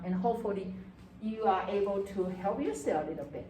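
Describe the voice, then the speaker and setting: Animated woman lecturing in an echoey classroom. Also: a little high, normal speed, recorded from a distance, slight background noise. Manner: animated, acts out student voices, frequent "okay" and "right". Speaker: psychology lecturer.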